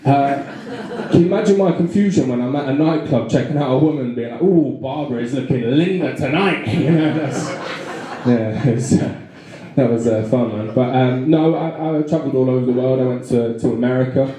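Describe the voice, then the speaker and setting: A young English man doing live stand-up comedy in a pub venue, with a halting, rambling delivery full of fillers and restarts. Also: medium pitch, dark tone. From England. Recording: very echoey live room.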